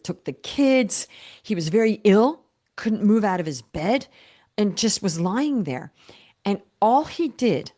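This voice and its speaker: A woman in her fifties or older, a business coach, is being interviewed and tells stories in a rambling way. Her voice is medium in pitch with a dark tone, and she restarts often and quotes her own self-talk.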